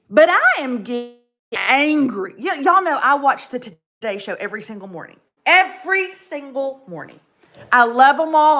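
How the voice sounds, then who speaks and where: A chatty woman in her forties is hosting a livestream from home. Her voice is bright and sits a little high. Her pitch swings widely as she greets viewers by name. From Texas. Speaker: livestream host. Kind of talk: casual livestream chat. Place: indoors at home.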